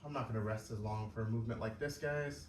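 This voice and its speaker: A man's voice: on the low side, fast, distant mic. A young man chats and cracks jokes while working out, his voice sitting back from the mic. The room is roomy and echoing, with a faint hum underneath. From Canada. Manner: joking, chatty, talking to himself mid-exercise. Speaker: fitness vlogger. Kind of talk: casual workout vlog. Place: home room at night.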